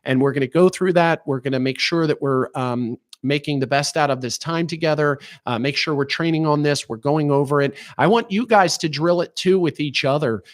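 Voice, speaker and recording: A man's voice: fairly high pitch, brisk, hardly any pauses, dry recording. A man giving a training talk for front desk staff, earnest and full of ums and uhs, acting out sample phone calls. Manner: earnest, filler-heavy coaching; acts out phone calls in a raised voice. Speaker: chiropractic practice trainer.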